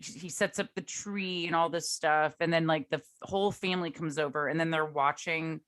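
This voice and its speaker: With a deep, fairly bright voice, steady tone and normal pace, this young woman co-hosts a casual podcast. She talks loosely and chattily, full of "like," and laughs frequently.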